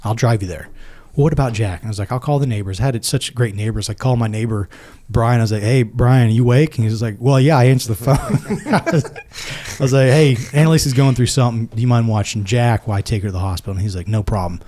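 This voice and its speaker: A man's voice: mid-range voice, fast, mellow. A man in his forties, a military veteran and podcast guest, earnestly retelling a personal story and acting out both sides of each conversation.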